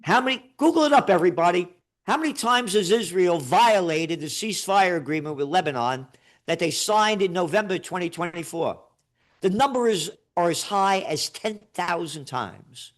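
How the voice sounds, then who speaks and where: A man's voice: sits high, lively intonation, moderate pace. A man from the Bronx, ranting as a guest in a combative, sarcastic way. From the Bronx, New York. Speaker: guest commentator. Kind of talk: heated political rant.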